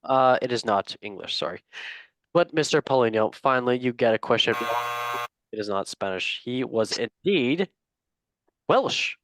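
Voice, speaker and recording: A man's voice: mid-range voice, animated, normal speed, no echo. A man hosting a football quiz on a casual podcast, playful and jokey, swearing and laughing often. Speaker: quiz host.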